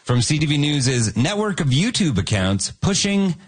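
A man's voice: on the high side, moderate pace, background noise. A man hosting a comedy panel show, reading out news headlines and joking with the panel. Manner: lively, reads headlines then jokes. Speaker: host.

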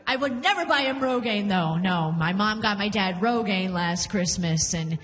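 A woman performing a stand-up comedy set on a club stage, animated and laughing through her punchlines. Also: medium pitch, normal speed, few pauses, in a large hall.

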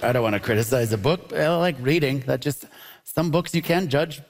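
A man hosting a live comedy debate show on a theatre stage, quick and quippy, laughing between his lines. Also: mid-range voice, expressive, in a large hall, background noise. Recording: live audience laughter and ambience.

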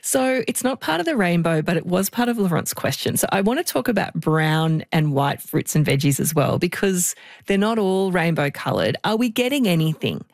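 A woman's voice: fairly low pitch, very animated, normal speed, vocal fry, no echo, studio quality. A woman co-hosting a health podcast, asking curious questions and summarizing the answers back in a light, teasing way. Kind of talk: conversational interviewing.

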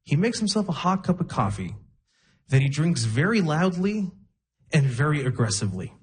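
Slightly high-voiced man doing stand-up. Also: sing-song, moderate pace. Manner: conversational storytelling, acts out quoted people. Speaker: stand-up comedian. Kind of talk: stand-up comedy set. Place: live comedy show before an audience. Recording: live show with audience noise.

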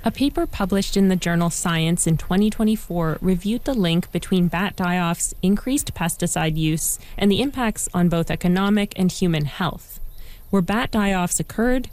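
A woman reporter giving a measured, scripted narration for a news feature. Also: lowish voice, darkish tone. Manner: measured, clear storytelling delivery.

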